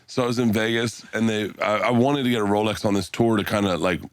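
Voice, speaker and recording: A man's voice: lowish voice, steady tone, fast talker, clean tone, no echo. A middle-aged man, a comedian guest on a podcast, telling a rambling, profane story and acting out the other people in it. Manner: rambling anecdote, acts out quoted dialogue, swears freely.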